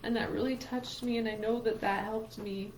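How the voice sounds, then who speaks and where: A woman's voice: on the high side, steady tone, moderate pace, darkish tone, slight background noise, rough recording. Earnest woman sharing a heartfelt story. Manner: earnest and emotional, with a faith-based outlook. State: tearful at times. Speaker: podcast co-host. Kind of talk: heartfelt conversation on grief.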